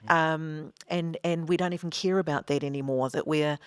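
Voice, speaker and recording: A New woman speaking in an earnest, measured way, with frequent pauses and fillers, in a reflective discussion. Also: sits low, steady tone, smooth, no echo, studio quality.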